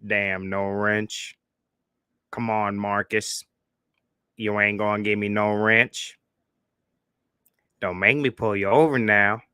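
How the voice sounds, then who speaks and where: A man putting on a slow, low-voiced stern cop. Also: fairly even intonation, pushed and bright, clear, resonant tone, no echo, studio quality. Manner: low, slow, commanding drawl. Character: stern male police officer demanding compliance.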